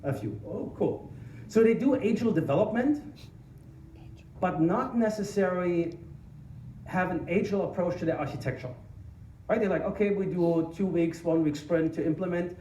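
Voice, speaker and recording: A man with a German accent giving an energetic, informal tech conference talk, joking about himself and restarting sentences often. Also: fairly high pitch, far from the mic, dull audio, a little hiss or hum. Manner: energetic, informal, self-deprecating, many restarts. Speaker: conference speaker. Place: conference hall. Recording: echoey hall, mic from afar.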